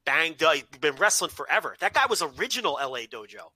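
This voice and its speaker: A man's voice: on the high side, big pitch swings, fast talker, bright, forceful tone. A man co-hosting a casual podcast chat, laying out his case point by point. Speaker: podcast co-host.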